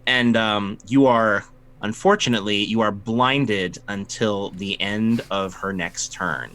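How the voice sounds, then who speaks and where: A man running a tabletop game as game master, narrating the action and slipping into quick voices for the crowd. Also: lowish voice, slight background noise. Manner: animated, acts out crowd voices. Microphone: home mic on a livestream.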